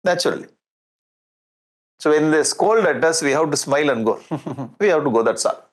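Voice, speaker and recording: A man with an Indian English accent giving a lively spiritual discourse, jovial and often chuckling as he acts out scenes. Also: on the high side, normal speed. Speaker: swami giving a scripture discourse.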